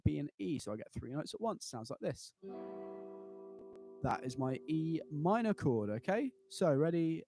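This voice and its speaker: With a fairly high pitch and a dark tone, this man teaches a live online guitar lesson, patiently guiding students through chords and cheering them on. He's encouraging and counts them in, chanting rhythm syllables in time while an acoustic guitar plays behind his voice. There's no room sound.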